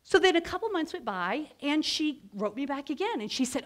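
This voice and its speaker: Lively middle-aged woman telling a story. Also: high voice, fairly quick, few pauses. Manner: animated, lively storyteller who laughs often. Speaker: guest speaker, agency founder and executive. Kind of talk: personal storytelling talk to students. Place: lecture event before a student audience.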